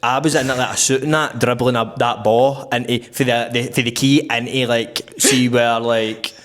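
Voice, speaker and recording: A man's voice: mid-range voice, steady tone, moderate pace, fairly bright tone. A man with a Glaswegian accent, a podcast guest rambling through sweary anecdotes in casual chat.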